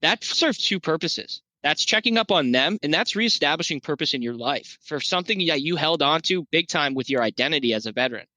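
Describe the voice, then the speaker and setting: Bright-voiced, swearing military veteran man. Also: fairly high pitch, a little fast, few pauses, no room sound. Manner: animated, profane, rambling with restarts. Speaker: podcast guest, veterans' nonprofit founder. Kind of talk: casual podcast conversation.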